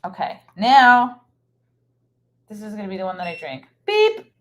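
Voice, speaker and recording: A comedian on a live stream from her hotel room, this woman has a medium-pitched, slightly bright voice and a moderate pace. She chats casually, rambling and scatterbrained with plenty of fillers, into a streaming microphone with slight background noise.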